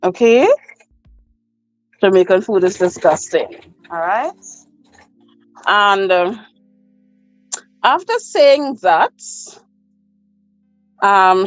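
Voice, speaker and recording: A woman's voice: mid-range voice, animated, no room sound, faint music behind, poor audio. A woman hosting a casual livestream, reading out viewer comments, repeating herself and laughing often. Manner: slow, repetitive, laughs often. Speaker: livestream host. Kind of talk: casual live chat. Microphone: phone.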